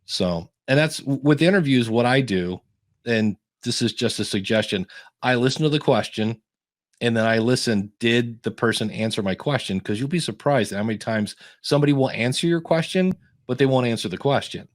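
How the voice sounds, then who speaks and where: A man's voice: medium pitch, fairly quick, no room sound. Chatty man telling rambling stories, dry sound. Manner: rambling anecdotes with many restarts. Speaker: podcast consultant and co-host. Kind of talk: casual advice chat.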